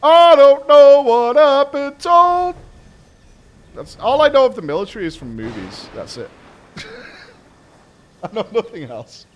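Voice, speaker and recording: A man commenting casually on his game stream, talking lower and quieter than his in-game voices. He jokes, swears and laughs at himself between scenes. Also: big pitch swings, a little slow, pauses often, lo-fi sound.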